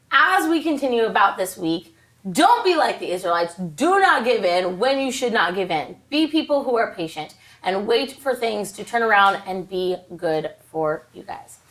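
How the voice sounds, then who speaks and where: Brief: upbeat woman children's ministry teacher, fairly high voice, chatty and playful. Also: fairly bright tone. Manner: bubbly, chatty, playful asides. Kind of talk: retelling a Bible story to kids.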